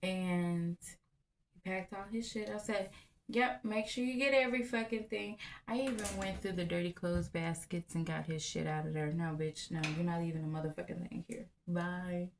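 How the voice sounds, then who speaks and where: A woman, telling a personal story in a blunt, profane, animated way. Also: on the low side, normal speed, a little hiss or hum. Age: 30s. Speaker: vlogger. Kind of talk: candid storytelling to camera.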